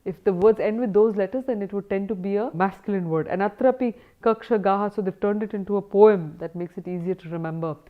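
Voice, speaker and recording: A woman's voice: medium pitch, fast talker, hardly any pauses. A woman teaching Sanskrit grammar in a recorded lecture, mixing English with Sanskrit terms and checking in with her students. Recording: tinny phone-like sound.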